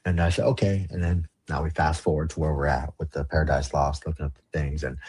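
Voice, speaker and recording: Podcast guest from the Valley, low raspy male voice, casual storyteller who swears and rambles. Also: level tone, fast talker, darkish tone. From Los Angeles, San Fernando Valley. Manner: casual, rambling, swears, heavy use of "like" and "you know". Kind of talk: candid storytelling interview.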